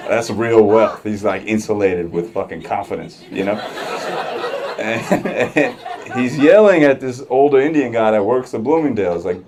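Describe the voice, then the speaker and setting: A man's voice: lowish voice, expressive, measured pace. A male stand-up comedian telling a profane, laid-back story on stage at a comedy club. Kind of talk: stand-up set. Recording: noisy club with crowd laughter. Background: audience laughing.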